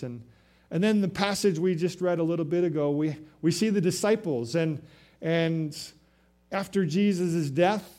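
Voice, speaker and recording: A man's voice: high-pitched, dark tone. A male pastor preaching a Sunday sermon, retelling scripture in his own words with frequent restarts.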